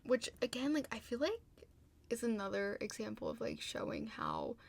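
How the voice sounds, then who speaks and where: A young woman casually recapping a TV episode, talking fast with lots of fillers, a little tired but getting heated in her asides. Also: fairly high pitch, huge pitch swings, creaky. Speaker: video host.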